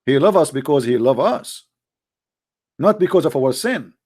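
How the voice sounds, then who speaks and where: A man's voice: a little high, animated, normal speed, darkish tone, breathy edge. A man delivering a solo commentary monologue with a sarcastic, emphatic manner, speaking English with non-native grammar. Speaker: online debater.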